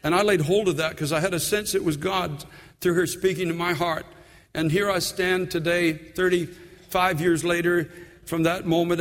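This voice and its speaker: A man's voice: high-pitched, big-room sound. A man in his sixties, a pastor, preaching an earnest sermon full of personal stories in a church.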